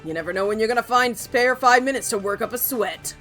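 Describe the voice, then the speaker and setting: A woman's voice: fairly high pitch, fast, fairly bright tone, faint music behind, close to an everyday voice. A woman voicing a laid-back, flirty male actor in a game, breezy and teasing. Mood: cocky.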